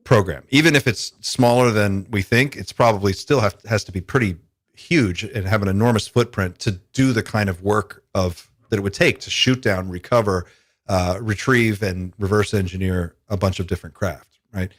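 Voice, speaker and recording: A man's voice: lowish voice, moderate pace, no echo, studio quality. A man hosting a podcast in casual chat, thinking aloud in a musing, speculative way. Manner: musing, speculative, many fillers. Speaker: podcast host.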